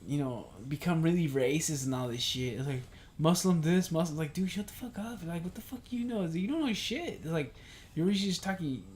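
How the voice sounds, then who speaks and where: A man's voice: on the high side, lively intonation, brisk, a little hiss or hum. A young man co-hosting a casual podcast chat, ranting heatedly and swearing a lot. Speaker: podcast co-host.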